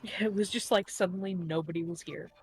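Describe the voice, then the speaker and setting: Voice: mid-range voice, a little fast, rough recording. A chatty player at a tabletop game, talking casually with faint music in the background.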